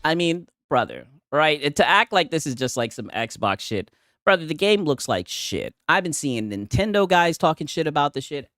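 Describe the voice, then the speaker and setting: A man's voice: a little high, moderate pace, dry recording, studio quality. A man streaming casual, profane gaming commentary who keeps asking "right?" between his points. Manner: profane and animated, constantly adds "right?". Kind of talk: casual ranting live stream.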